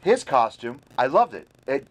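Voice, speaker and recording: A man's voice: medium pitch, very animated, moderate pace. A man co-hosting a casual pop culture chat, rambling with frequent stumbles and restarts. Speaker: podcast co-host.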